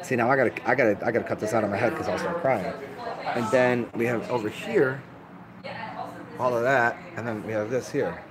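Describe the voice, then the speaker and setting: A man's voice: medium pitch, brisk, crowd noise, rough recording. A man rambling casually to his live-stream viewers, laid-back and profane, often restarting his sentences. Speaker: livestreamer answering chat.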